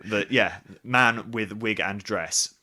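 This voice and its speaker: A man talking in a fairly low voice with a bright, forceful edge. He chats freely as an interview guest, thinking aloud and often restarting his sentences. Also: slow pace. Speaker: guest, pantomime actor. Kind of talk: casual interview chat.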